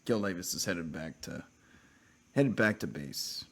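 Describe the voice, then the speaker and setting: Deep-voiced man telling a rambling story. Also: unhurried. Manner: rambling, animated anecdote with self-interruptions. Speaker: live streamer. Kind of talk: casual storytelling chat.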